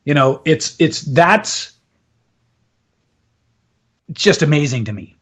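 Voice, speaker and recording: A man's voice: a little high, animated, takes it slowly. A man speaking as a public speaking coach in a casual live interview, emphatic and instructive. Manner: emphatic, explains with instructive asides.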